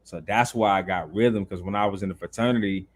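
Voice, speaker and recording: A man from North Carolina with a Southern accent, a dancer guest chatting casually in an interview and telling animated, slangy stories. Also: deep voice, fairly quick, slightly rough.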